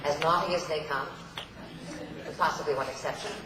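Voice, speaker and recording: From a stage in a large hall, a woman speaking as a convention guest tells theatrical, playful anecdotes to the audience, laughing often. Her voice is deep and brisk. The hall is echoey, with loud ambience and noise, and she's far from the mic.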